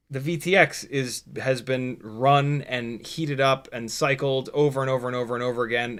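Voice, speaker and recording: A man's voice: mid-range voice, fairly bright tone. Man, livestream host, casual rambling chat, dry sarcasm, loose swearing. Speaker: livestream host building a drone. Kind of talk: casual livestream chat, reading viewer questions.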